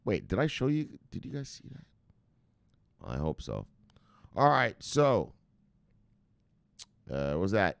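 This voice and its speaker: Here the man's low, gravelly voice has a sing-song, unhurried quality with long pauses, and there's no room sound at all. Running a crypto news channel, he chats and rambles over market charts, cursing often and getting excited.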